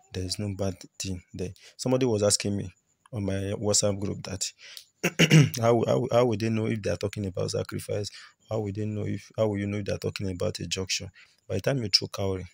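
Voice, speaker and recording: A man's voice: low voice, vocal fry, breathy edge, no echo. A man teaching cowrie shell reading, explaining with repetition as he points out each shell. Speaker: spiritual teacher.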